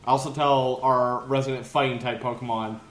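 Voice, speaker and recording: A man playing in a tabletop game, expressive and swinging between mumbles and bursts. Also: medium pitch, fairly quick, reverberant. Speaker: player.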